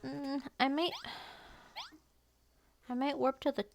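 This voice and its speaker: A high-voiced woman streamer muses slowly through her gameplay, thinking aloud in a gravelly, fry-tinged voice. Clear background noise sits under her talk. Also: flat delivery. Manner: unhurried, musing thinking aloud. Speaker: game streamer. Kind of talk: casual gameplay commentary.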